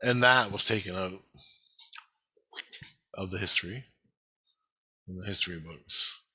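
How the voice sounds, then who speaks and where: A man with a bright, forceful voice rambles through a personal video monologue. He swears constantly and gets heated as he goes. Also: sits low, measured pace, husky. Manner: heavily profane, heated and rambling. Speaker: vlogger.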